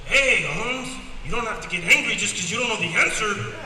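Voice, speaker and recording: A man's voice: high voice, animated, fairly quick, pitched above the performer's own voice. A man voicing a swaggering, streetwise male lion from East LA who barks orders in Chicano slang. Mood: indignant. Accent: East Los Angeles Chicano. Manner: cocky, demanding, shouting slang. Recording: echoey hall from far off, noisy.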